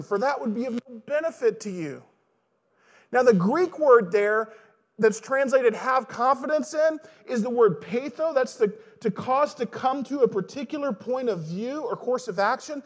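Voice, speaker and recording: High-voiced man preaching a sermon. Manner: conversational preaching, rhetorical questions to the congregation. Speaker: pastor.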